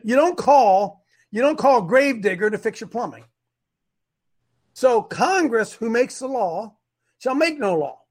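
A middle-aged man hosting a live online show, preaching emphatically and repeating his points. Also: extremely high pitch. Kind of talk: fiery preacher-style live stream talk.

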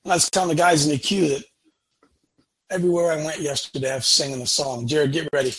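A man's voice: on the high side, steady tone, fast, fairly bright tone, husky, low-quality recording. A man hosting a talk show, preaching in a blunt, emphatic way and repeating lines for punch. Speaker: show host.

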